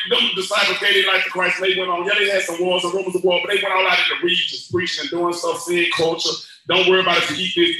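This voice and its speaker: Man, preacher, bright ringing voice, booming echoey hall, playful and preachy, shouts at times. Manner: playful, preachy, swings from joking asides to shouting. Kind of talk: lively church teaching session.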